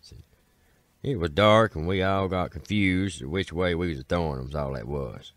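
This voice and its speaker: A man with a very deep voice and an Appalachian accent tells an old mountain folk tale in a homespun, rambling way, starting lines with "said" and lifting his voice for the characters. The recording is close and dry. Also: measured pace, no room sound. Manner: folksy, repeats "said" often, voices characters. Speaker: storyteller.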